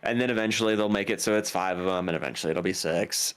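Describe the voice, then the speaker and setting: A man's voice: deep voice, quick pace, clear, resonant tone, soft background music. A man co-hosting a casual gaming podcast, stating his opinions plainly and firmly. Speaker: co-host.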